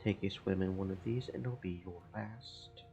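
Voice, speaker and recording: A man doing a gruff old sailor. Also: sits low, moderate pace, mellow, soft background music, poor audio. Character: old seafaring man, blunt and honest.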